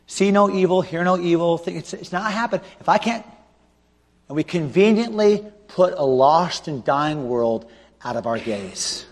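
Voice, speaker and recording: Shouting-then-hushed male pastor in a hall. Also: on the high side, lively intonation, normal speed. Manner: swings from loud shouting to hushed pleading. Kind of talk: revival sermon with altar call. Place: large church auditorium. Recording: long hall reverb.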